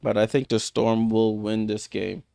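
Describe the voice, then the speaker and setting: Delivery here is completely flat and a little slow, from a fairly low, creaky voice with a warm tone. The man hosts a live sports watchalong, giving a loose, filler-heavy score recap with many restarts and calling out viewers by name. Sound is studio quality, no room sound.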